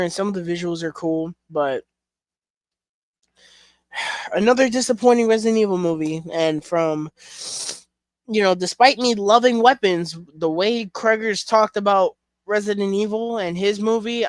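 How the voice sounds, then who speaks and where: A young man talks casually and loosely, rambling through fillers and blunt swearing. His voice sits a bit high for a man. The sound is close and dry. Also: normal speed, no echo. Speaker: collection reviewer. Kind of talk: casual chat.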